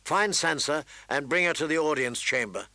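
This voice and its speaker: A man's voice: a little high, animated, moderate pace, pushed and bright, no echo. A man voicing a stern, weary middle-aged lord who speaks in a grave, clipped way. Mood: urgent.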